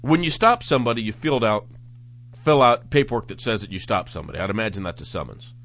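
Sarcastic male talk host, lively delivery. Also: on the low side, fast, slight background noise. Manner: sarcastic, animated, thinks aloud. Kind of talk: commenting on news reports. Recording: dull lo-fi audio.

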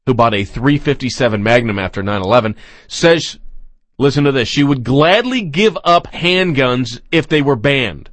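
Sarcastic, animated talk radio host. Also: male voice, a little high, no echo. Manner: mocking, sarcastic, indignant. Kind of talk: opinionated talk radio commentary.

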